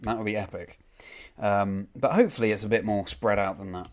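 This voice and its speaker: A man's voice: fairly low pitch, lively intonation, normal speed, few pauses. A young man streaming a game, casually reading out and answering chat messages with frequent ums. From United Kingdom.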